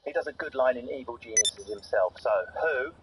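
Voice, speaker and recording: Jokey, sarcastic man hosting. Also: background noise. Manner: quick, jokey and sarcastic, with big pitch jumps on punchlines. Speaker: podcast host. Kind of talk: comedy podcast hosting.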